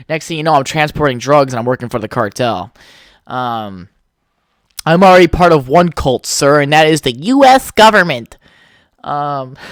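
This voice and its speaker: A man's voice: on the high side, fairly bright tone, dry recording, studio quality. A young man hosting a podcast, rambling through stories with lots of swearing and frequent laughter. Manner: rambling, profane, laughs often. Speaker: podcast host. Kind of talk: casual solo podcast chat.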